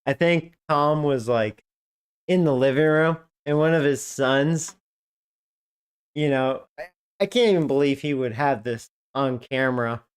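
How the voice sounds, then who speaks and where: A man's voice: mid-range voice, unhurried, clear, resonant tone. A man casually commentating a video game, rambling and joking with frequent laughs. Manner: rambling, jokey, laughs often. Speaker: gaming streamer.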